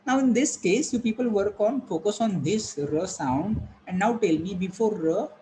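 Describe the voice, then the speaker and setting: Man teaching pronunciation, fairly high voice. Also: warm tone, slight background noise, low-quality recording. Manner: patient, repeats words slowly and asks the class questions. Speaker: English teacher. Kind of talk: classroom pronunciation lesson. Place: classroom.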